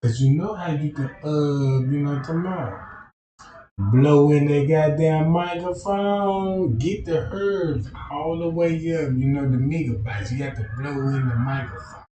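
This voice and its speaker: A man's voice: a little high, a little slow, warm tone, a little hiss or hum. A man in a casual, profane, rambling rant as a streamer, keeps asking if you know what he's talking about. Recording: roomy, off-mic sound.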